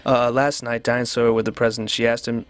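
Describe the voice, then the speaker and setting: A man dubbing a morning-show host, copying the banter line by line in a deadpan delivery. His voice sits at a medium pitch. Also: fast talker, clear, resonant tone, no echo. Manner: deadpan, mimicking inane chatter. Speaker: dubbing performer. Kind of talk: dubbing talk-show chatter word for word.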